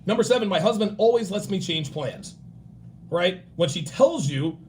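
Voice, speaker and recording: A man in his forties hosting a livestream, giving blunt, profane dating and grooming advice and acting out other people in quick bursts. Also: sits high, lively intonation, a little mellow, slight background noise. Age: 40s. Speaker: livestream host.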